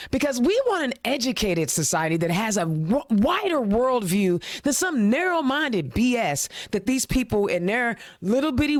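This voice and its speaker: A woman's voice: fairly high pitch, dry recording, clean studio sound. A woman from Indiana hosting a political podcast, ranting emphatically with rhetorical questions and casual slang, then reading sponsor plugs and introducing her guests. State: a little choked up. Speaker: podcast host. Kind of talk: impassioned political rant and show hosting.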